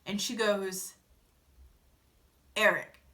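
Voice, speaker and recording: A woman's voice: medium pitch, fairly even intonation, very slow, pushed and bright. A young woman vlogger giving a casual, blunt recap of a reality TV episode and acting out the scenes in quoted voices.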